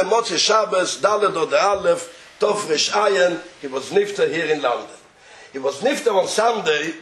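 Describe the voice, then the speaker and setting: High-voiced man with a Yiddish accent. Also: reverberant. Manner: animated, chuckling, mixing Yiddish and Hebrew words. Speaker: storyteller. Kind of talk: telling a rabbinic tale.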